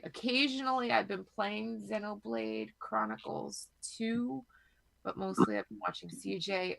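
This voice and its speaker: A woman in her thirties, hoarse from a cold, chatting as a podcast co-host and telling rambling, profane stories. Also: on the low side, a bit bright. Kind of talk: casual chat.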